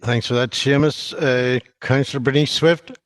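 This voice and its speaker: A man chairing a council committee, brisk and procedural as he calls speakers. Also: medium pitch, fairly even intonation, low-quality recording.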